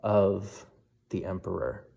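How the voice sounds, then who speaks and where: A man voicing angry temple leaders demanding a death while reading scripture aloud, with a mellow voice. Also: low-pitched, expressive, slow, vocal fry, voice pushed down, exaggerated voice. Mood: insistent.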